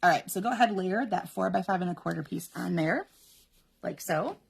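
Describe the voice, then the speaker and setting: A woman's voice: on the low side, brisk, vocal fry, slightly rough. A woman hosting a live card-making demonstration, chatty and instructional, laughing often as she talks viewers through each step. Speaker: papercraft host.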